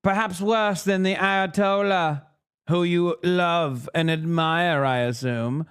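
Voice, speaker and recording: A prim, racist British newsreader woman, put on by a man in a comedy clip. She speaks high and slow in a smooth, polished voice. She delivers every accusation with haughty sarcasm. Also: fairly bright tone. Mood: sneering.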